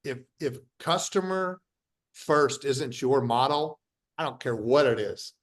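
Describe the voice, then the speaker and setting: A man's voice: medium pitch, lively intonation, slow pace. A middle-aged man, a company founder being interviewed, talking bluntly and emphatically, repeating his points and restarting sentences. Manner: acts out quoted dialogue in his stories. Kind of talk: casual interview talk.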